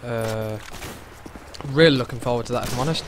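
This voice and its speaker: A young man casually commentating his own gameplay, excitable and sweary, gasping and shouting at what happens on screen. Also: mid-range voice, fairly quick, noisy background. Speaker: gaming commentator. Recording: loud gunfire behind the voice.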